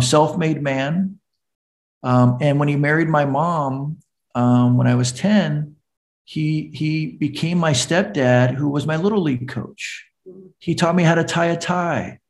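As a guest on a podcast, a middle-aged recovery coach earnestly shares his own story and voices the people who appear in it. He speaks with a high-leaning, slightly mellow male voice.

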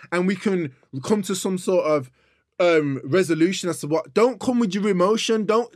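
A man's voice: sits high, animated, moderate pace, no room sound, clean studio sound. A young man, co-hosting a podcast, arguing his case insistently and repeating himself over his partner. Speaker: podcast co-host. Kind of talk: heated casual argument.

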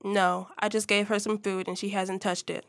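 A woman reading the lines of a gruff, kindly male police officer from her own short story, in a dry close sound. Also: medium pitch, flat delivery, normal speed, fairly bright tone, no echo, natural voice. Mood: gentle gruff.

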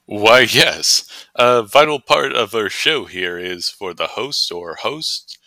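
Deadpan man hosting a comedy podcast. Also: fairly low pitch, takes it slowly, no echo. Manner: deadpan, playful wordplay. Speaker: podcast host.

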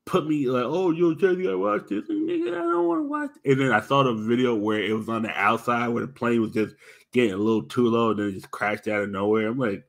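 An excitable young man co-hosting a podcast, swearing as he rambles. His pitch jumps about with lively energy, and his delivery is loose and profane. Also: fast, vocal fry. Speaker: podcast co-host. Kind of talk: casual crude chat.

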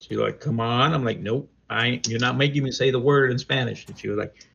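Gravelly guy rambling in a chat, lots of uh and like, kinda muffled lo-fi sound. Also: mid-range voice, brisk, a bit bright, slight background noise. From United States. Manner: rambling storyteller with many fillers. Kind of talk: casual chat. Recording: dull lo-fi sound.

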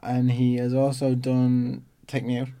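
Gravelly, mellow-voiced man chatting. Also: mid-range voice, a little slow. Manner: relaxed, self-deprecating, trails off into fillers. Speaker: podcast co-host. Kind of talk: casual chat.

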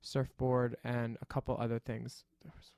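A man's voice: mid-range voice, monotone, moderate pace, darkish tone, dry recording, clean studio sound. A man guesting on a podcast, chatting casually with a campy, witty, sassy delivery. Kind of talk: casual chat.

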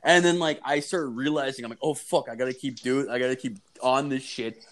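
A man's voice: medium pitch, steady tone, fairly quick, a bit bright. Rambling, profane young man telling a story. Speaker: podcast guest. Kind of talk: casual podcast chat.

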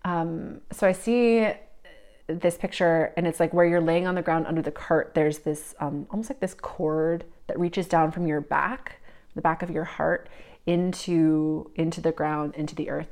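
A woman giving a psychic reading, talking in a searching, meandering way with many fillers, often drifting soft and reflective. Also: low voice, steady tone, measured pace. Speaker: psychic reader.

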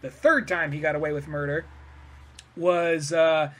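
A man's voice: a little high, little pitch movement, measured pace. A man co-hosting a podcast in casual chat, loose and rambling as he retells scenes. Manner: loose, rambling, trails off and restarts. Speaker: podcast co-host.

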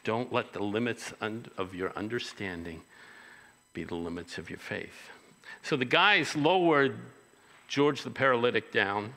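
Bright-voiced male pastor preaching in a hall. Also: fairly low pitch, unhurried. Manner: conversational preaching with rhetorical questions. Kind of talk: sermon.

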